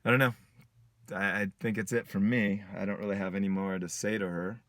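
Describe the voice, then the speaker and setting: A man talks in a candid personal video diary, reflective and halting, with many pauses. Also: fairly low pitch, steady tone, fairly bright tone, no room sound. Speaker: vlogger.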